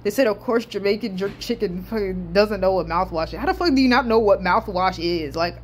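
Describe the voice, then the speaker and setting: A woman's voice: medium pitch, a little fast, hardly any pauses, a little hiss or hum. A woman from the southern United States giving casual reaction commentary, swearing freely and stuttering as she rambles. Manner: animated, swearing, laughing, stuttering.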